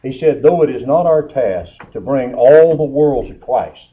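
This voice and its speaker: A man's voice: mid-range voice, expressive, unhurried. A man preaching a sermon, telling folksy stories and quoting scripture. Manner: folksy storytelling with scripture quotes. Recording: tinny phone-like sermon recording.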